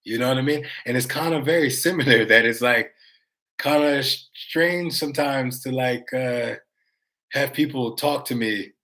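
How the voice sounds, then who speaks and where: An American man talks straight to his audience in a loose, rambling livestream chat. He circles around his points, reads viewer comments aloud and drops in casual swearing. His pitch sits right in the middle for a man. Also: pushed and bright. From United States. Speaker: vlogger.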